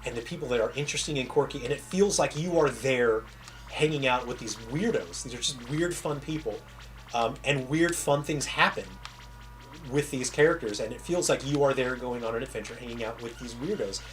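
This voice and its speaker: A man's voice: medium pitch, fairly quick, soft background music. A man who is a game developer, chatting casually with viewers on a livestream and trailing off and restarting mid-sentence, with a faint Southern American accent. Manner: rambling, self-interrupting storyteller.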